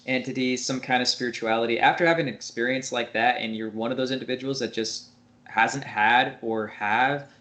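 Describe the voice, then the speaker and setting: Guest, male, relaxed chat; bright edge to the voice, mid pitch. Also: fairly quick. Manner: laid-back, laughs along, says dude and man. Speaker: podcast guest. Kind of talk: casual chat.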